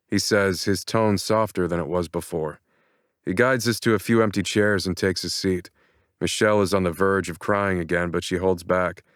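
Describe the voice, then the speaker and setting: Deep-voiced male audiobook narrator. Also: moderate pace, dry recording, studio quality. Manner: steady, earnest. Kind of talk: scripted first-person narration.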